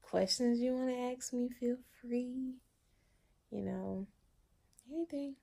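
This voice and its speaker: Slow, gravelly-voiced woman vlogger. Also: fairly high pitch, mellow. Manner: emotional, halting, repeats herself. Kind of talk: personal video diary.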